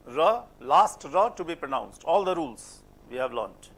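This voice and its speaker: High-voiced man teaching French sounds. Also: big pitch swings, normal speed, vocal fry, few pauses, fairly bright tone. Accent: Indian English. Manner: questioning, repeats words for drill. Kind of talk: classroom lecture.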